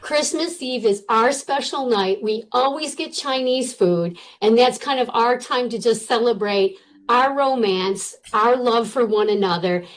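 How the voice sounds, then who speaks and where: A middle-aged woman guest telling a personal story in a casual, animated way, with many fillers. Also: a little high, unhurried, poor audio.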